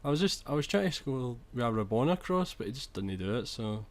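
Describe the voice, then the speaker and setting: A man's voice: medium pitch, big pitch swings, a little fast. A young man commentating over his own football video game footage, chatty, restarting sentences and swearing when annoyed. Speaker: gaming commentator.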